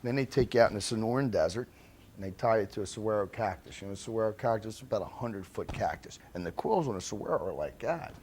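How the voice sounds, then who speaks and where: A man's voice: on the low side, lively intonation, fast, darkish tone, a little hiss or hum. A man being interviewed, telling a story about his past bluntly, swearing constantly, and acting out the lines of the people in it. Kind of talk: profane storytelling anecdote.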